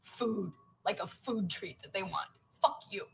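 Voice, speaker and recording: A woman's voice: mid-range voice, a little slow, creaky, slightly rough, rough recording. An American woman, a working mother, venting tearfully to camera in a raw, profane rant that drops into whispers.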